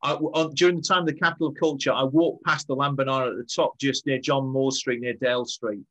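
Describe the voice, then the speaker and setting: A man with a bright, crisp tone speaks at a middle pitch. He chats over a video call like a storyteller, in a wry way. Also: steady tone, fast, low-quality recording. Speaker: regular panelist. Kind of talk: casual anecdotal chat over a video call.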